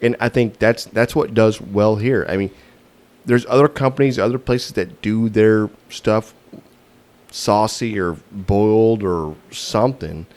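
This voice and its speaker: A man's voice: on the low side, unhurried, a little mellow. A man with a Texan accent, co-hosting a barbecue podcast, joking around and acting out little scenes. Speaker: podcast co-host. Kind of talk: casual chat.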